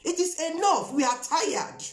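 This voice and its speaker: Brief: Nigerian-accented woman vlogger, animated higher voice, emphatic and repetitive, echoey room. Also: moderate pace, soft background music. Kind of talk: impassioned appeal to viewers.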